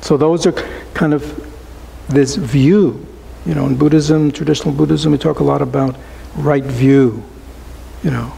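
Gravelly, mellow-voiced Buddhist teacher, man. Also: a little high, a little slow, a little hiss or hum, poor audio. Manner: keeps asking rhetorical questions, tags with "right?"; relaxed, conversational teaching. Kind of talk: dharma talk to a small group.

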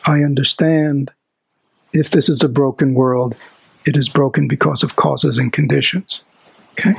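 A dharma teacher with a gravelly, mid-range voice and a breathy edge speaks at a moderate pace in a dry, rough recording. His Buddhist talk is animated, full of rhetorical questions to listeners, with dips into a whisper to stress key ideas.

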